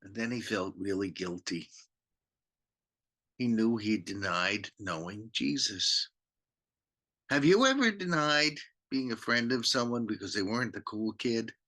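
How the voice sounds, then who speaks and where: A man, a pastor, telling a Bible story to children in an animated way, acting out the characters. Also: lowish voice. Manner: animated, slow, acts out the characters.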